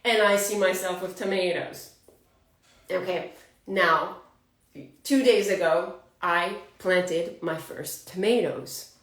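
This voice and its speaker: A woman's voice: lowish voice, slow pace, fairly bright tone. A woman in her forties with a French accent, hosting a casual spiritual astrology talk for her viewers. She is chatty and laughs often between thoughts. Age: 40s. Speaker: astrology channel host. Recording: roomy, from a distance to the mic.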